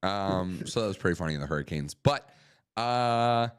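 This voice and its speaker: A man's voice: sits low, animated, normal speed, clean tone. A man co-hosting a casual sports talk show, making dry, wry remarks between hesitant fillers. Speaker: co-host.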